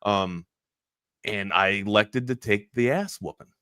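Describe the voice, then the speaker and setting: Bright-voiced man telling a rambling story. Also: on the low side, measured pace, smooth, no room sound, studio quality. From Maryland. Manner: rambling, animated storyteller with many restarts. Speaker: sports talk radio host. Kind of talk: casual storytelling on a talk show.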